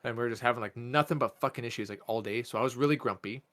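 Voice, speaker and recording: Dude on a podcast, swears constantly, tells stories all animated, middle voice. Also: male voice, mid-range voice, rapid-fire. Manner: swears a lot, animated storyteller, acts out quotes. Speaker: podcast co-host. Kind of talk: casual storytelling chat.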